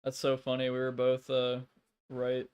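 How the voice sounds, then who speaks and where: A man's voice: medium pitch, completely flat delivery, moderate pace, darkish tone, clean tone. A man hosting a casual gaming stream, rambling and swearing a lot with plenty of filler words. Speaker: streamer host.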